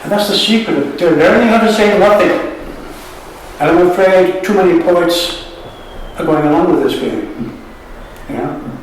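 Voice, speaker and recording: A man's voice: high voice, normal speed, recorded from a distance, slight background noise. Wry Irish man in an echoey hall. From Ireland. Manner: wry and sardonic, chuckling at his own jokes. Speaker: poet. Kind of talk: poetry reading at a book launch. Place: museum hall at a live event. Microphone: room recording from a distance.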